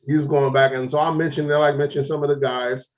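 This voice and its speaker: A man's voice: a little high, little pitch movement, fairly quick, distant mic. A man co-hosting a podcast, rambling through a story in casual chat. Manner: rambling storyteller, retells online arguments. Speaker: podcast co-host. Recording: roomy, dull lo-fi podcast audio.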